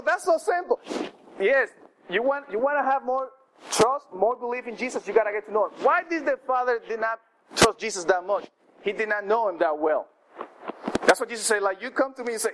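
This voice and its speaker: High-pitched guy preaching, chatty and stop-start, noisy recording. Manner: conversational preaching with restarts and acted quotes. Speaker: pastor. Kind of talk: sermon.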